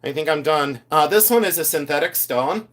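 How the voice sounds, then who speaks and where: A man's voice: fairly high pitch, lively intonation, normal speed. A middle-aged man hosting a live reseller stream, chatting animatedly and reading viewer comments aloud as he shows his finds. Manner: mimics shouting collectors for laughs. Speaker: reseller host. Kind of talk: live-stream show-and-tell chat.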